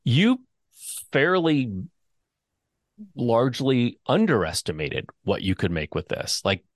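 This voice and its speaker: A man's voice: lowish voice, expressive, moderate pace, no room sound. Casual male host, dry close sound. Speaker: podcast host. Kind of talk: casual interview chat.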